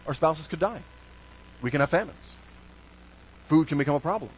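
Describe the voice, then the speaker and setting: A man preaching a sermon as pastor, animated, with hushed low stresses and sudden bright emphasis. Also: normal speed, slight background noise, poor audio.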